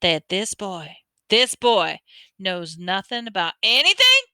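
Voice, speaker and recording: A woman voicing a huge, gruff but big-hearted male giant, speaking slow and booming. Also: big pitch swings, pushed and bright, no room sound, clean studio sound, heavily acted. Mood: indignant.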